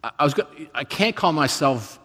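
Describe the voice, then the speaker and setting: A man in his fifties preaches a sermon in a relaxed, storytelling way, his pitch rising and falling a lot as he pokes fun at himself. His voice carries a long reverb from a large hall. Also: normal speed. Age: 50s. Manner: conversational storytelling with self-deprecating humor. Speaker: guest preacher.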